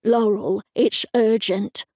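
An Australian woman voicing an anxious male ghost who pleads slowly and urgently in an audiobook. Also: medium pitch, steady tone, warm tone, no room sound, studio quality. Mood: urgent, pleading.

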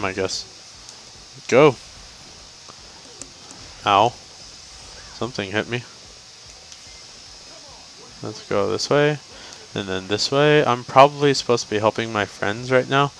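A young man talks through a video game at an unhurried, drawn-out pace, wandering into joking asides as he goes. His pitch sits at an ordinary middle height. A faint hiss of background noise runs under the voice. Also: a bit bright, low-quality recording. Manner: rambling, joking asides to himself. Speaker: gameplay guide host. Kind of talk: casual gameplay commentary.

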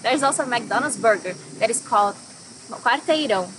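Woman, high voice, language teacher, slow careful pronunciation, steady hiss behind. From Brazil. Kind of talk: bilingual language lesson.

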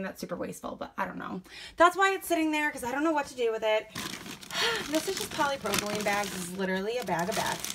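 A woman's voice: medium pitch, sharp tone, a little hiss or hum. A young woman talking casually in a vlog, rambling and chatty with lots of fillers, a little out of breath. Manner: rambling, chatty, filler-heavy, self-deprecating. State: slightly out of breath. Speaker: wax collection vlogger. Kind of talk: casual chat.

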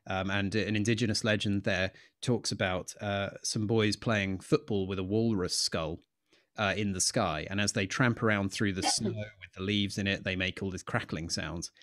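A man's voice: fairly low pitch, no echo, clean studio sound. A man, an astronomer taking questions in a live Q&A, explaining with enthusiasm and telling stories with frequent fillers. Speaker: astronomer guest. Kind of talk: explanatory Q&A chat.

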